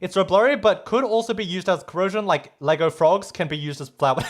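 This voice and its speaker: Lively high-voiced Aussie man chatting. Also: normal speed. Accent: Australian. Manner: rambling, playful, swears casually. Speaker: streamer. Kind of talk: casual chat reading viewer messages.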